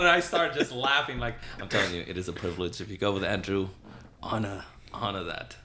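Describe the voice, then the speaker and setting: A young man co-hosting a podcast, telling stories in an animated, casual way with some swearing. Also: on the low side, fairly quick. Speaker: podcast co-host. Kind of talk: casual chat.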